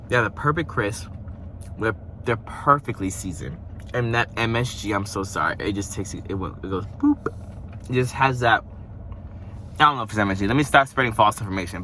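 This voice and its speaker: A young man chats through a food review in his car, rambling and joking with plenty of asides. His voice is bright and forceful, sitting a little low for a man. Faint car and road sounds hum behind him. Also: brisk. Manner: chatty, rambling, playful asides. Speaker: vlogger. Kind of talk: casual mukbang food review. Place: parked car.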